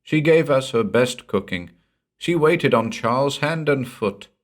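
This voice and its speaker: A man reading a horror story aloud in a measured, unhurried way, with dramatic pauses. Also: mid-range voice, animated. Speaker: narrator. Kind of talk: scripted horror audiobook narration.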